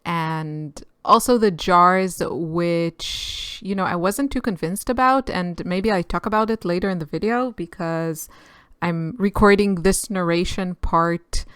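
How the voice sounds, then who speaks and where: Woman host for a casual voice-over, slow and unhurried, chatty, musing, asides as she goes. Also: lowish voice, a bit bright, clear, resonant tone, no room sound, clean studio sound. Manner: chatty and musing, thinks aloud with many small asides. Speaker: artist and channel host. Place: quiet room, recorded apart from the filmed footage.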